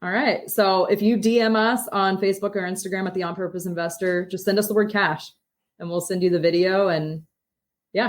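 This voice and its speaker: Upbeat woman co-hosting a podcast, low voice. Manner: upbeat, laughs often, throws out ideas. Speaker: podcast co-host. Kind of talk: casual podcast chat.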